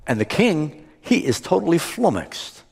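A man preaching a sermon, retelling a Bible story and acting out the characters' lines with lively swings in pitch. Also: unhurried, creaky, slightly rough. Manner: acts out the characters' lines with rising animated pitch. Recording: long hall reverb.

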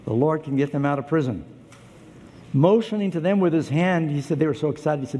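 A man preaching a sermon and telling stories, acting out voices with lively jumps in pitch. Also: fairly quick. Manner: animated storytelling, acts out voices, pitch jumps up for emphasis. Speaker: pastor. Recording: long hall reverb, faint ambience.

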